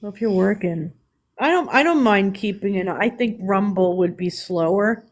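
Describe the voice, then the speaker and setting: A woman's voice: medium pitch, expressive, moderate pace, low-quality recording. Chatty woman with a New York accent. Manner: chatty, candid, with restarts and laughs. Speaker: live stream host. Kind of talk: casual chat on a live stream.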